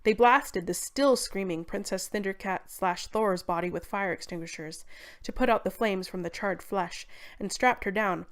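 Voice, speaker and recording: A woman's voice: medium pitch, moderate pace. A woman narrating a scripted story in a wry, irreverent way.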